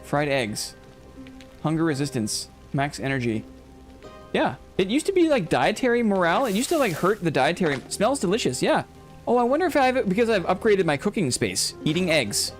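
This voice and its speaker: A man's voice: sits high, very animated, brisk, faint music behind. A man casually commenting while he plays a game on a live stream, chatting playfully with his viewers and reading their messages aloud.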